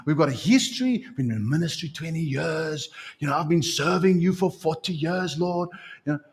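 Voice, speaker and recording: A man's voice: mid-range voice, fairly even intonation, quick pace, mellow, lightly acted. A man putting on the voice of indignant male disciples who whine and complain in disbelief. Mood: whining. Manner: whiny, complaining, incredulous.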